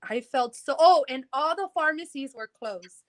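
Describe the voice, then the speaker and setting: High-voiced woman retelling a mishap. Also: expressive, normal speed. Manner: rambling, acts out quoted dialogue, laughs in between. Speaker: guest telling her story. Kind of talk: casual interview storytelling.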